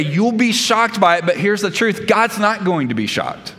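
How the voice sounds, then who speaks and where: A man's voice: high voice, big pitch swings, normal speed, few pauses, bright, forceful tone. A man preaching a sermon as pastor, emphatic, repeating key phrases and laying out numbered points. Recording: long reverb of a large hall.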